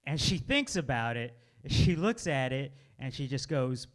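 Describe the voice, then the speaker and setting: A man's voice: medium pitch, lively intonation, normal speed, hardly any pauses. Laughing stand-up man telling a story. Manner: laughs through his own story, drops to mutters for quotes. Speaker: stand-up comedian.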